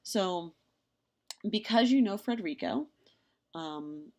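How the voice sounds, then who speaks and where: A woman's voice: medium pitch, lively intonation, slow, darkish tone. A woman recording a slide lecture, casual and chatty, with frequent ums and restarts, acting out quoted dialogue in her examples.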